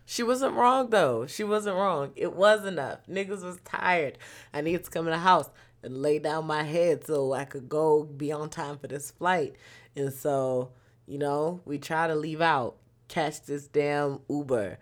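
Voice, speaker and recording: A young woman telling a story in a casual monologue. She swears a lot and swings between loud outbursts and quiet muttering. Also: low voice, unhurried.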